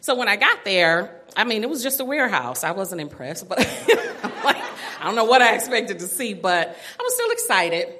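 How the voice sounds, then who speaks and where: A middle-aged woman telling a personal story to an audience, animated and self-mocking, laughing often. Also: medium pitch, moderate pace, a little hiss or hum.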